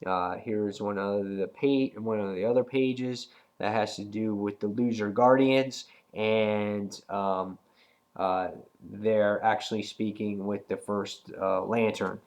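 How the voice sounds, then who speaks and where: A young man with a cold, reviewing a comic book in a rambling, slangy, excitable way. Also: fairly low pitch, slow. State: has a cold. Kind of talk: casual video review.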